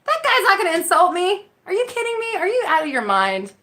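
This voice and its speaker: A woman hosting a live Q&A stream, talking casually into her phone. Her voice is bright and forceful, and it swings up and down a lot. She laughs often and swears freely as she reacts to comments. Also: very high-pitched, huge pitch swings, fairly quick. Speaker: live Q&A host, mindset coach.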